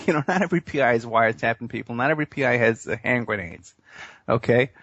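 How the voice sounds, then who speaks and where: A man's voice: medium pitch, fast, fairly bright tone. A man hosting a radio talk show, spinning a long story with many fillers and restarts. His voice sits in a middle range. The sound is dull and lo-fi, with no room echo. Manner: rambling storyteller, frequent fillers. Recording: muffled dry radio audio.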